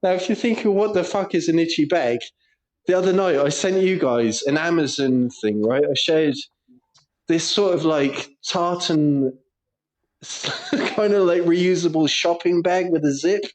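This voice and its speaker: A man co-hosting a chatty podcast, his voice sitting a little high for a man. He rambles through crude anecdotes and keeps breaking into laughter. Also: measured pace. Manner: laughs a lot while telling crude stories. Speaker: podcast co-host. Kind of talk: casual storytelling banter.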